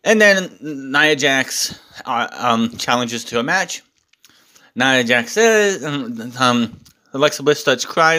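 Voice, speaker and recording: A man's voice: mid-range voice, lively intonation, slow pace, bright, forceful tone. A man recapping a wrestling show in a casual, exasperated rant, swearing often.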